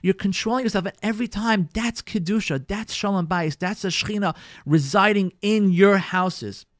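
A middle-aged rabbi teaches a Torah class on marriage, animatedly acting out everyday scenarios and repeating phrases for emphasis. His voice is high, his pace moderate, and the recording is dry with clean studio sound.

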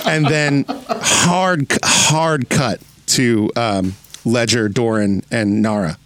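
A man's voice: mid-range voice, takes it slowly. A man hosting a tabletop game podcast, chatting casually and laughing often with his players.

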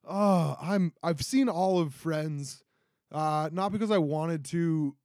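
A man in his twenties rants casually into a close podcast mic, rambling and poking fun at himself. His fairly high voice swings widely in pitch. The sound is dry, with no room echo. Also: animated, measured pace, darkish tone. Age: 20s. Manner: rambling, self-deprecating, frequent restarts and "right?". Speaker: podcast host. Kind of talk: casual solo podcast rant.

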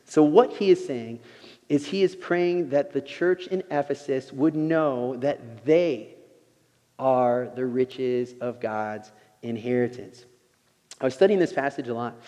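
A man preaching a sermon in an unhurried, conversational way, often saying "you know". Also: mid-range voice, darkish tone, in a large hall.

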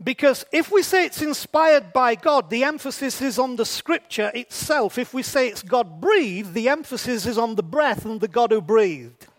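High-voiced man preaching a sermon. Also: expressive, moderate pace. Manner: conversational, asks rhetorical questions.

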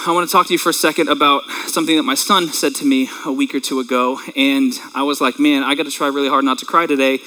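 A man in his thirties preaching a sermon in an earnest, conversational way, emotional and tearful at times, clearing his throat. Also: mid-range voice, steady tone, fast talker, hardly any pauses, bright, forceful tone, rough recording. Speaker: pastor.

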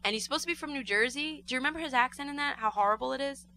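A woman's voice: sits high, racing, sharp tone, slight background noise. A woman co-hosting a podcast in casual chat, talkative and laughing, often slipping into mock impressions. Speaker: podcast co-host.

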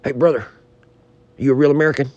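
A man putting on a brash, gruff male pro wrestler who barks at people and calls them brother. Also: mid-range voice, fairly even intonation, fast, dry recording, muffled recording, natural voice. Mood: blustery. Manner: shouty, calls everyone brother.

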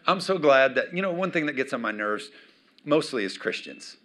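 A middle-aged man preaching a sermon as pastor, with emphatic swings between loud declarations and quiet asides. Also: medium pitch, animated, moderate pace.

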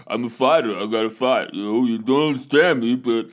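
A man putting on a gruff, brooding action-star voice as a celebrity impression, drawling and mumbling his words. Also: medium pitch, brisk, close to an everyday voice. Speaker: podcast co-host.

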